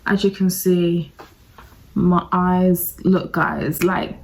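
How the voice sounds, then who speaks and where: A woman's voice: on the low side, little pitch movement, slow, poor audio. A woman talking through a makeup tutorial, chatty and self-deprecating, addressing her viewers directly. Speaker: beauty vlogger. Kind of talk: casual makeup tutorial talk.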